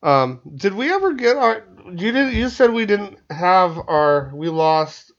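A man's voice: sits high, very animated, measured pace. A man hosting a podcast in casual chat, rambling and swearing with many stammered restarts. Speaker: podcast host. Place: studio. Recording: muffled lo-fi podcast audio.

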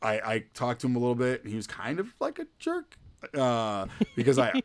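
A man in his thirties co-hosts a podcast, rambling casually through stories and leaning heavily on "like" and "you know." His medium-pitched voice moves quickly with fairly even intonation.

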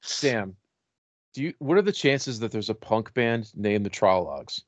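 Animated, mid-pitched joking man. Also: unhurried, dry recording, dull audio. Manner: joking, riffing with hypothetical scenarios. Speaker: podcast co-host. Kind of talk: casual comedic chat.

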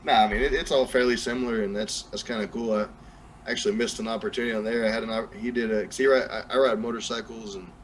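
A man's voice: on the low side, steady tone, fast, a little hiss or hum, poor audio. A young man with a Southern accent, chatting casually as a podcast guest and rambling with lots of fillers and restarts. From New Mexico. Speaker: guest rapper.

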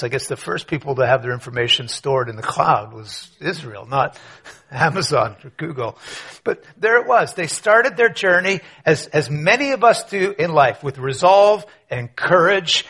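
A man preaching a conversational sermon, telling a story with rhetorical questions and quiet asides. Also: a little high, lively intonation, normal speed, breathy edge. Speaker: pastor.

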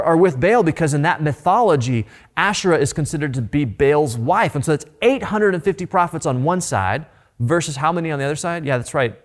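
A man preaching a sermon in an animated, informal way, asking the listeners rhetorical questions. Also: on the high side. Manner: conversational, informal. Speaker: pastor.

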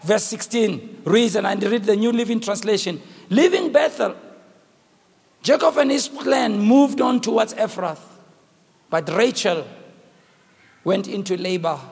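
Gravelly South African preacher, dramatic. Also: male voice, high-pitched. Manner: dramatic, swinging from shouts to hushed tones. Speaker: bishop preaching. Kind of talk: sermon storytelling. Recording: long reverb of a church hall.

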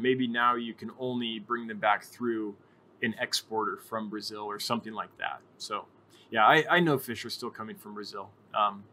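Bright-voiced man chatting on a livestream. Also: lowish voice. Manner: chatty, rambling, many ums and self-corrections. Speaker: livestream host answering viewer chat. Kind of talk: casual live chat.

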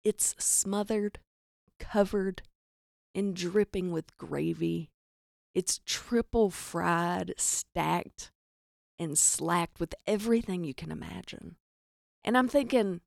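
A woman's voice: on the low side, slow, gravelly, darkish tone, no room sound, clean studio sound. A young adult woman with a Southern American accent, telling funny stories in a chatty, self-deprecating way as a podcast host. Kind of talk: comedic storytelling monologue.

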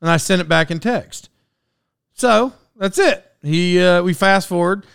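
A man's voice: sits high, unhurried, creaky, fairly bright tone, smooth, dry recording, clean studio sound. A man in his forties hosting a podcast solo, rambling through a personal story with restarts and laughs at himself. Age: 40s. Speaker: podcast host.

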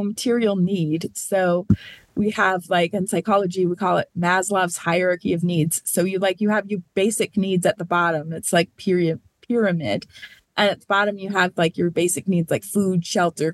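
A woman's voice: mid-range voice, dry recording. Earnest woman guest, dry close sound. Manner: earnest, thoughtful, many fillers like "like" and "you know". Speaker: nonprofit program manager, guest. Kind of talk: conversational podcast interview.

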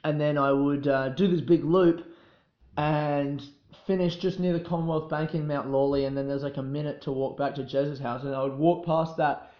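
A man's voice: on the high side, steady tone, moderate pace, echoey room, highs cut off. A young Australian man hosting a podcast, chatting casually in a rambling, swearing, self-mocking way that keeps getting sidetracked. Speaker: podcast host. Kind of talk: casual solo podcast chat.

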